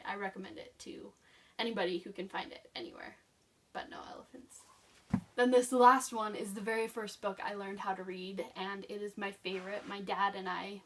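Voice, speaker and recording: This mid-range female voice, captured from a distance over slight background noise, belongs to a book vlogger. She rambles happily through a casual chat about the books she loved growing up, leaning heavily on fillers.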